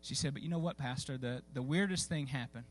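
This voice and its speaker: A pastor speaks fast in a medium-pitched voice, with slight background noise, while preaching in a church sanctuary. His sermon story comes out folksy and conversational, heavy on fillers and restarts.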